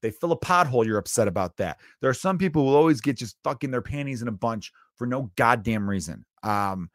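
A man rants in a loose, profane comedic style, swearing freely and mocking his targets with heavy sarcasm. His voice sits at an ordinary pitch. The sound is dry and close, with no room echo. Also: expressive, quick pace.

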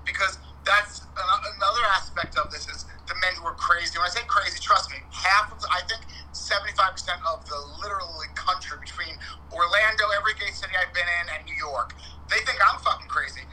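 Brash, animated man with a bright voice. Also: sits high, fairly quick, slight background noise, rough recording. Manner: animated, profane, blunt and theatrical. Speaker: podcast co-host. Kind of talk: casual chat.

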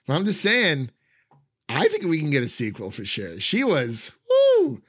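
A man's voice: a little high, huge pitch swings, normal speed, fairly bright tone, slightly rough, no echo, studio quality. A man chatting casually about a film, rambling with many fillers and frequent laughs. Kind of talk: casual film review chat.

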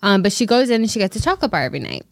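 A woman's voice: medium pitch, sing-song, rapid-fire, vocal fry, no room sound. Young woman cohost telling a story, acts out the quotes, dry mic. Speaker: podcast co-host. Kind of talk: casual chat.

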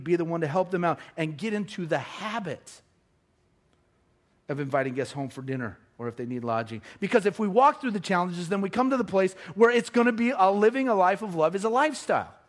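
A middle-aged male pastor preaching a sermon, telling stories with quick, self-deprecating humor and lively asides. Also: high-pitched. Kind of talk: sermon with storytelling.

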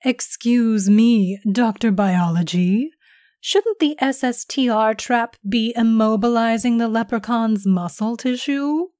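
A woman's voice: on the high side, slow pace, no echo, studio quality. A woman voicing a proud, grumpy male alchemist who growls and argues. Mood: defiant. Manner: defiant, growling, yelling.

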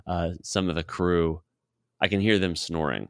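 A man casually telling a long personal story, laughing often, swearing freely and quoting himself in a low mutter. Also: slow pace, long pauses, clean tone, no room sound, studio quality. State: sore throat.

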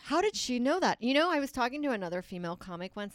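A young woman comedian co-hosting a casual chat, joking with quick asides. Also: mid-range voice, animated, no room sound, clean studio sound. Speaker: podcast co-host, comedian.

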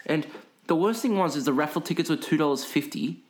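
A man's voice: a little high, lively intonation, a little fast, background noise. A young Australian man, a podcast co-host, telling a sweary story in casual chat and mimicking other people's voices.

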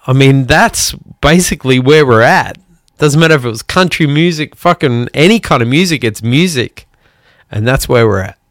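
A man's voice: medium pitch, animated, fairly bright tone, no room sound, studio quality. A musician hosting a podcast, a man from outside the United States, talking bluntly with lots of swearing and heavy sighs. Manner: blunt, swearing, sighing pauses. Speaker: podcast host. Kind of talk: angry podcast monologue.

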